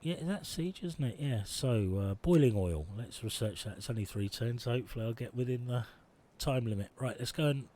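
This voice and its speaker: A man's voice: mid-range voice, animated, brisk, few pauses, warm tone, slight background noise. A man giving casual, jokey commentary while streaming a strategy game, talking to himself and his chat. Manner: chatty, jokey, talks to himself.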